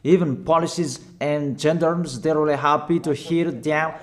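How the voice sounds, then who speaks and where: A man preaching a sermon in halting non-native English, urging his listeners with short, repeated commands and pausing on fillers. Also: a little high, fairly even intonation. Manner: emphatic, repetitive exhortation with short commanding phrases.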